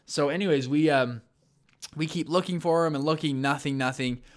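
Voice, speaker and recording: A man telling a story in a casual interview, lively, with lots of fillers and restarts and acted-out quotes. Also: fairly high pitch, normal speed. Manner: animated, many fillers and restarts, acts out quotes. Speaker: guest recounting a search-and-rescue story.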